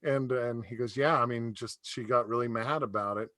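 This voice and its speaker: A man's voice: mid-range voice, moderate pace, fairly bright tone, no echo. A middle-aged man doing a stand-up comedy set over a video call, telling rambling stories and laughing at his own jokes.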